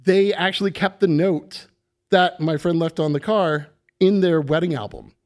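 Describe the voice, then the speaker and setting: A middle-aged man, a podcast guest, casually telling an animated story and swearing freely. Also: fairly high pitch, normal speed. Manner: animated, swears freely, acts out voices in quotes.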